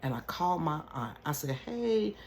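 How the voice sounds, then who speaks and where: Woman vlogger, storytime, animated, folksy, home bedroom, talking to camera. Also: low-pitched, moderate pace, slight background noise. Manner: animated, folksy, addresses viewers as y'all and honey. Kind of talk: storytime vlog, telling a personal story. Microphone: camera at close range.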